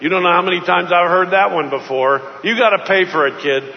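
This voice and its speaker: A man's voice: sits high, a little fast, vocal fry, slight background noise. A man voicing a skeptical, dismissive old shopkeeper, in a dull recording with long hall reverb.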